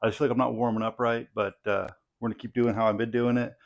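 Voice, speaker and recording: A man's voice: mid-range voice, fast talker, vocal fry, lo-fi sound. A young man talking casually while training in his home garage gym, tired and a bit out of breath, rambling with lots of fillers. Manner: relaxed, rambling, many fillers. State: tired, out of breath between sets. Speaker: strength athlete vlogging his training. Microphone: clip-on mic.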